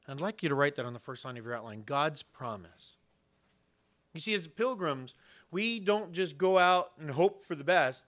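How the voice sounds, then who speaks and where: A man preaching with a bright, fairly high voice. He speaks earnestly and swells to loud emphasis, voicing God's replies himself. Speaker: pastor. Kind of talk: sermon.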